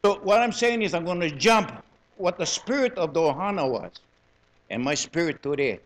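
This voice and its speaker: A man in his seventies with a Hawaiian Pidgin English accent, giving a lively, joking talk to a gathering and repeating words in quick bursts. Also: fairly high pitch. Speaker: presenter at a community gathering.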